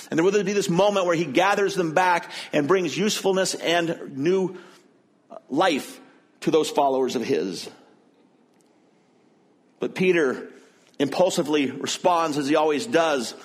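A male pastor preaching a sermon in a conversational way, retelling and explaining the passage with frequent restarts and self-corrections. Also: high voice.

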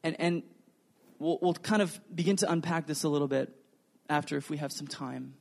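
A man preaching a sermon, earnest and animated, acting out the quotes in his stories. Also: on the high side, moderate pace, gravelly. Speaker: pastor.

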